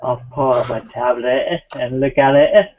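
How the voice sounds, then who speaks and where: A man's voice: mid-range voice, unhurried. A man playing a tabletop role-play, giving short, offhand replies. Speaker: player. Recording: dull lo-fi mic.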